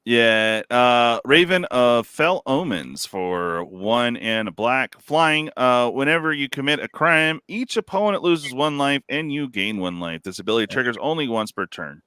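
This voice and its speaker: A middle-aged man hosting a casual podcast chat, relaxed and laughing, with lots of fillers. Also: medium pitch, unhurried, hardly any pauses, clean tone, dry recording, studio quality. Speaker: host.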